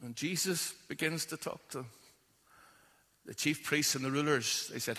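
A man preaches a sermon in a long-reverb hall. His voice is bright and forceful. He tells the story with drama and acts out what its people say. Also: normal speed, breathy edge. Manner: storytelling, acts out quoted voices with rising pitch.

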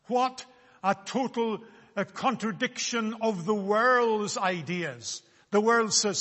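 A man preaching a sermon, speaking slowly and deliberately with solemn emphasis on key words. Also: high-pitched, pushed and bright, long reverb tail.

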